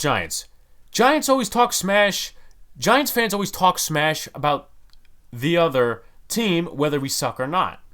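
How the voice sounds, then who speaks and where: A man's voice: medium pitch, fairly bright tone. A man hosting a sports podcast, ranting in a heated, exasperated way. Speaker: podcast host.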